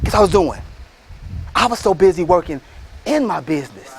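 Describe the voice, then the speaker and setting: Brief: man, high voice, preacher-style motivational speaker, calls out for crowd replies, sudden shouts. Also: animated, a little fast, slight background noise. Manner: preacher-like, rallying the crowd with call-and-response and shouted bursts. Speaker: motivational speaker and franchise entrepreneur. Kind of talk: motivational speech.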